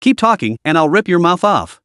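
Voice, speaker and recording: A cold, self-assured young man delivers curt, icy threats, read by a male narrator. The voice sits fairly high and lively, recorded dry and close. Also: moderate pace, no echo.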